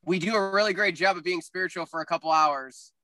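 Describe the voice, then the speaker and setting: Male co-host, casual storyteller, higher bright voice. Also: fast talker, low-quality recording. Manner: casual storyteller, agreeable, chuckles. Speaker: co-host of a church podcast. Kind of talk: casual church podcast chat.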